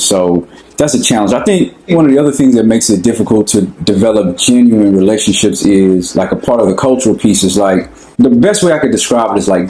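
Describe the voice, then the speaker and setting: A young African American man talks in a relaxed, conversational way, full of slang and asides. His voice sits low. The room around him rings with echo. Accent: African American English. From United States. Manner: relaxed, conversational, slangy, often asks "you know what I'm saying". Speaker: interviewee. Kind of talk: casual personal talk.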